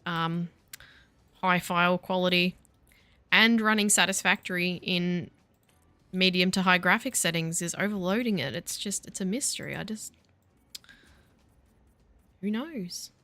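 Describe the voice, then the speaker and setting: A woman's voice: fairly low pitch, a little slow, pauses often, sharp tone, dry recording. A woman in her thirties chatting casually and with self-mocking sarcasm while streaming a game. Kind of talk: casual live-stream chat while gaming.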